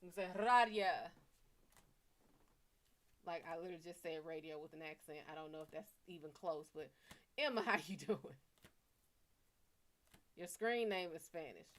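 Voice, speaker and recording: A woman's voice: sits low, moderate pace, long pauses, fairly bright tone. A woman giving tarot readings on a live stream. She talks bluntly and casually, swears freely, and reads viewers' names and questions aloud. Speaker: tarot reader.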